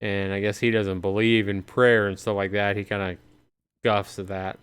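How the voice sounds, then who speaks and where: A man's voice: on the low side, flat delivery, normal speed, fairly bright tone, smooth. A man streaming a game, chatting casually and reacting aloud to the story as it unfolds. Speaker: gaming livestreamer. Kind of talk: casual gameplay commentary.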